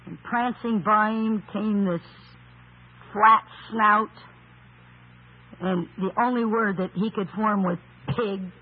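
A man preaching a sermon in an emphatic storytelling style, with rhetorical questions, and raising his voice to a shout for stress. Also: high-pitched, steady tone, slow. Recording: tinny phone-like sound.

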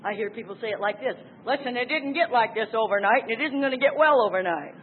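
A woman preaching a sermon, emphatic, swinging from loud exclamations to hushed asides. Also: a little high, lively intonation, fast talker. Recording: tinny phone-like sound with faint noise.

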